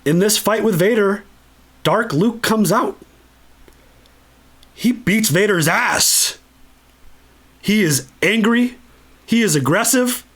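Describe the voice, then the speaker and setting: A man hosting a solo podcast, talking casually and excitedly, swearing a lot and acting out lines from movies. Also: sits high, takes it slowly, pauses often, husky. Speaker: podcast host.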